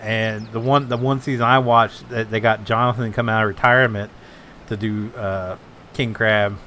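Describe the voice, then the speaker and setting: A man's voice: on the low side, steady tone, moderate pace, pushed and bright, a little hiss or hum. A man hosting a gaming channel, chatting casually with a friend and laughing often as he retells TV scenes. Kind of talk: casual chat while gaming.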